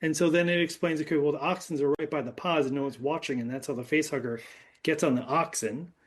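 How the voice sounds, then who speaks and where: Rambling podcast host recapping a film. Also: male voice, on the high side, fairly even intonation, fast, breathy edge. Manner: rambling, filler-heavy recap with laughs. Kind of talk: casual movie discussion.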